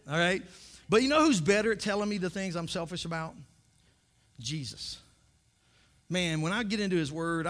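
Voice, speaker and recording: Man, pastor, humorous sermon, high-pitched, stammering restarts. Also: a bit bright. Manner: joking, repeats words when starting sentences.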